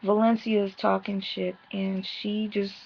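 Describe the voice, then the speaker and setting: A woman's voice: mid-range voice, level tone, unhurried, gravelly, dull audio, a little hiss or hum. A woman giving a brash, profane, sassy casual recap of a reality show episode. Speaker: vlogger reviewing a reality show.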